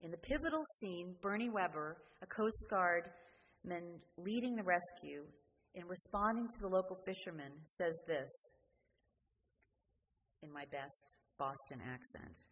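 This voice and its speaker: A woman preaching a sermon, earnest and questioning, often letting her sentences fall quiet at the end. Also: fairly low pitch, lively intonation, a little slow. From New Jersey. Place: church. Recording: church hall reverb, faint noise.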